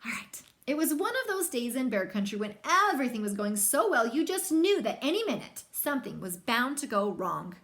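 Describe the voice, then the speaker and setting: A young woman reading a children's picture book aloud, with lively, chatty asides to young listeners. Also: fairly high pitch, fairly quick, few pauses. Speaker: storybook reader.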